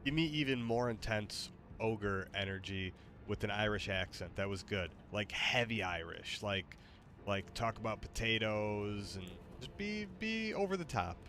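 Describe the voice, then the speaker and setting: A man's voice: lowish voice, lively intonation, unhurried, a bit bright. A man streaming a game, exclaiming in panic and joking with his AI companion. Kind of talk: casual game commentary.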